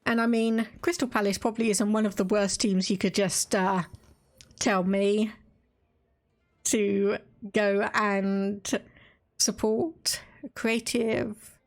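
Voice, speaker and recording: A woman with a mid-range, level voice takes her time, leaving long pauses. Streaming a strategy game, she offers casual commentary in an Estuary English accent, laughing and reading game text aloud.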